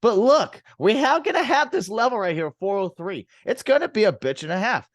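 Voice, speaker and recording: Profane, ranting man with a clear voice. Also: sits high, very animated, fairly quick, no echo, studio quality. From US West Coast. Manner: profane, emphatic, ranting, repeats himself. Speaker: trading show host. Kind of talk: ranting market commentary.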